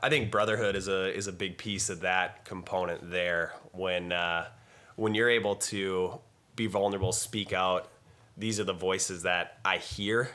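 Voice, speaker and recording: A man's voice: low voice, fairly even intonation, measured pace, bright, forceful tone. A young man speaking as a guest in a faith-based talk, thoughtful and easygoing, laughing easily. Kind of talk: casual faith discussion.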